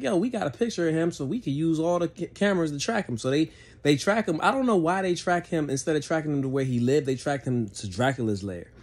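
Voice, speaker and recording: A man's voice: mid-range voice, a little mellow. A man giving a casual spoken movie review, laid-back and profane, rambling with frequent restarts.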